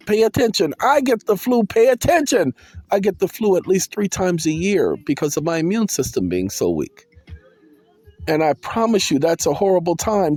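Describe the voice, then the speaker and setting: A vlogger gives a casual, animated monologue to his viewers, calling out to them and breaking into sing-song bursts while soul music plays behind him. His voice is high-pitched, and the recording is dry.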